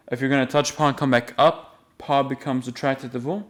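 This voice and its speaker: A man giving a patient, step-by-step music lesson, explaining the rules and then slowly singing the note names. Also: medium pitch, fairly even intonation. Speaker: music teacher.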